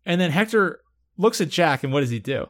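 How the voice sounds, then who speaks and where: Male host, a bit high-pitched, animated recapper who acts out the quotes and laughs. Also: fairly quick. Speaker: podcast host recapping a TV episode. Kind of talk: casual chat.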